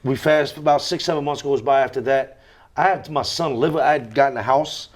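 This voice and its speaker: A man's voice: mid-range voice, steady tone, fairly quick. An American man telling his life story as an interview guest, blunt and emphatic, repeating phrases for weight. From United States.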